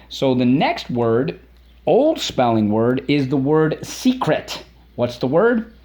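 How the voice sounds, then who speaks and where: A man's voice: mid-range voice, a little mellow. A middle-aged man teaching a spelling lesson to children, repeating words and sounding out their syllables.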